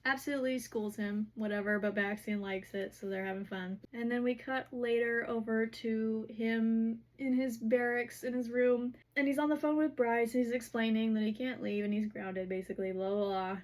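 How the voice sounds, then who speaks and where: A woman's voice: a little high, steady tone, normal speed, few pauses, darkish tone. A woman casually recapping a fantasy novel for her vlog, rambling and filler-heavy. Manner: rambling, heavy use of "like" and "whatever". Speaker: book recap vlogger. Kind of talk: casual chatty book recap.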